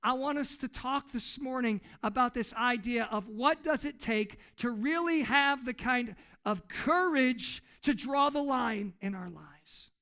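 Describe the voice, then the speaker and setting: A man's voice: very high-pitched, unhurried, hardly any pauses, pushed and bright. A man preaching a sermon in church as pastor, retelling a story emphatically and putting questions to the congregation. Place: church service.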